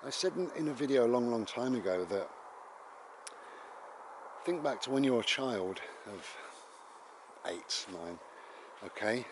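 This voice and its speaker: A man's voice: medium pitch, expressive, a little slow, long pauses. A man vlogging a rambling, conversational monologue, full of tag questions. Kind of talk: casual reflective monologue. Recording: noisy home recording.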